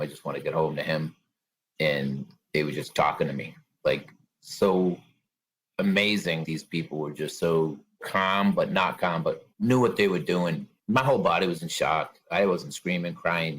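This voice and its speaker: A bombing survivor, appearing as an interview guest, recounts his own story in plain, conversational terms. His voice is very deep yet fairly bright, with a slight roughness.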